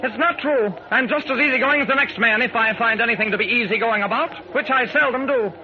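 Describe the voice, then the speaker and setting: An actor playing a curt, stern insurance investigator who is seldom pleased, in 1940s radio acting style. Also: male voice, very high-pitched, fast. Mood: dry. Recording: dull old radio recording with faint hiss.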